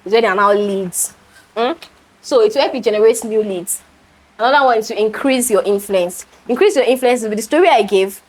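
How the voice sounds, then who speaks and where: A woman's voice: on the high side, fairly quick, poor audio. A woman with a Nigerian accent giving a sales training talk, telling stories animatedly and acting out the dialogue. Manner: animated storytelling, acts out dialogue, laughs often. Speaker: real estate sales trainer.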